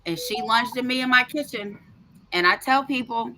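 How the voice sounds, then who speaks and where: A woman in her fifties hosts a podcast and tells a story in a loose, casual chat. She is blunt and feisty, swears freely, and throws energy into every turn. Her voice is bright and sits a little high. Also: moderate pace, a little hiss or hum. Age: 50s. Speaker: podcast host.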